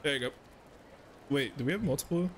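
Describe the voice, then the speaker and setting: A man's voice: mid-range voice, brisk, fairly bright tone, a little hiss or hum. A young man streaming a video game, giving casual, profane commentary and laughing often. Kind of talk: casual let's-play commentary.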